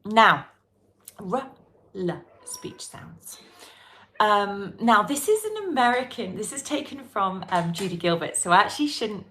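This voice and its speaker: A woman with a British English accent teaching a pronunciation class, coaxing her students and drilling sounds with careful repetition. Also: medium pitch. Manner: lively, coaxing, drills sounds slowly and repeats them. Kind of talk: live online pronunciation lesson.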